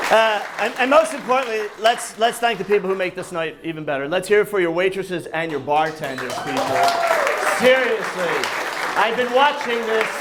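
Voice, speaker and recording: A man doing a stand-up comedy set on a club stage, hyping the crowd in an energetic, animated way. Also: sits high, very noisy. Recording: live club recording with crowd laughter.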